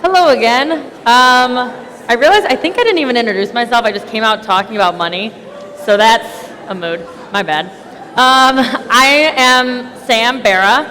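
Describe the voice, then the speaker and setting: A woman's voice: a little high, normal speed, bright, forceful tone, some chatter behind. A woman, a choir director, talking to a concert audience in a chatty, self-deprecating way. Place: school concert stage. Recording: long hall reverb with audience.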